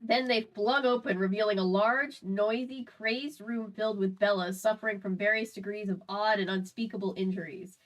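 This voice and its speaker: A woman's voice: mid-range voice, fairly even intonation, normal speed, few pauses, low-quality recording. Sarcastic woman reading a novel aloud. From US South. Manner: sarcastic and chatty. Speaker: podcast host.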